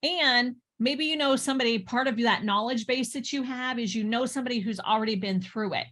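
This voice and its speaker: Energetic, chatty woman business coach. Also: on the high side, brisk. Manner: energetic, chatty, laughs often, checks in with "right?". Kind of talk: casual motivational talk to camera.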